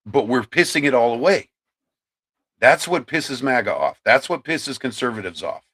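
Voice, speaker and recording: Ohio man, 50s, livestream host; heated political rant to chat, stumbles and repeats words, mid-pitched voice. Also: expressive, moderate pace, fairly bright tone, breathy edge. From Ohio, USA. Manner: ranting, repeats and restarts words.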